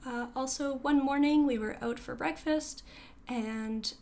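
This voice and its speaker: A woman recording a casual voiceover for her vlog, talking quickly and rambling, with self-deprecating asides and many fillers. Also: sits high, a little mellow. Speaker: artist giving a sketchbook tour. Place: home art studio. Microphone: voiceover microphone.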